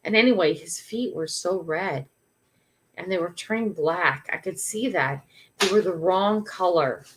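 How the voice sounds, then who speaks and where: An older woman hosting a morning livestream, telling a funny story in a chatty, animated way. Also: fairly low pitch, measured pace, background noise. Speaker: livestream host.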